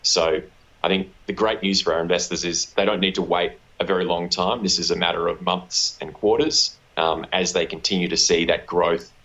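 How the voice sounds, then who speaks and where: Australian male exec, very low register, halting delivery, dull lo-fi audio. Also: fairly even intonation, sharp tone. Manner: halting, repeats words, many ums. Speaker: company executive guest. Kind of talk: business interview.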